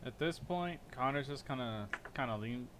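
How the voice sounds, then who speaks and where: A player at a tabletop session who cuts in with short, brisk remarks. His voice sits in an ordinary middle register, with a faint noise in the background. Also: medium pitch, animated. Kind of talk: casual tabletop game play.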